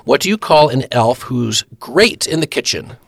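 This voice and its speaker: A man's voice: mid-range voice, lively intonation, normal speed, gravelly, fairly bright tone, husky, no echo. A man hosting a casual devotional podcast, joking with his guest and reading scripture aloud. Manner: jokey, reads scripture aloud. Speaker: podcast host.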